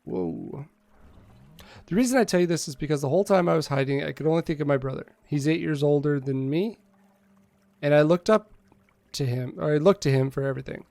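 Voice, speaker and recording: A man streams a game from home, reading its dialogue aloud in a casual way and tossing jokes to his viewers. His slightly high voice has a gravelly texture, and the close mic sounds dry. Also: a little fast, a little mellow, no echo. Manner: casual, joking, reads text aloud with asides.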